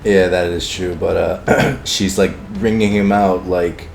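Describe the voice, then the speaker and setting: A low-voiced man chats casually about a comic chapter. He sounds easygoing and laid-back, and faint music plays behind him. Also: steady tone, a little slow. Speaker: podcast co-host reviewing manga. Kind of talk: casual chat.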